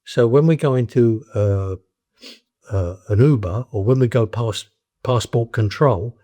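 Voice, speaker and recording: Guesting in a relaxed chat, an older man from East London, England, with a Cockney accent shares blunt stories, frequently starting over mid-thought. He speaks in a warm, mid-range voice at a measured pace.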